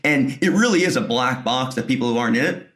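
A man who founded a media company, a guest on a podcast in casual business chat, talking quickly and leaning on "right?" and "like". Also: medium pitch, expressive, fairly bright tone. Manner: talks fast, leans on "right?" and "like".

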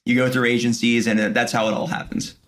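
A man who founded a media company, a guest on a podcast in casual business chat, talking quickly and leaning on "right?" and "like". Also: medium pitch, little pitch movement, a bit bright. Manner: talks fast, leans on "right?" and "like".

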